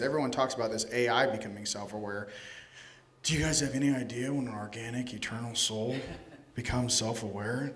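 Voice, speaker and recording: A man giving a casual, joking lecture to a live conference audience, animated and profane, addressing people directly. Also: medium pitch. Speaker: conference speaker. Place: conference hall stage.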